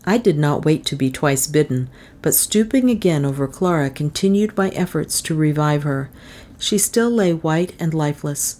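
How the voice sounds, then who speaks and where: A classic novel is read aloud by a woman with a low-pitched voice. As an audiobook narrator, she keeps her storytelling even and measured.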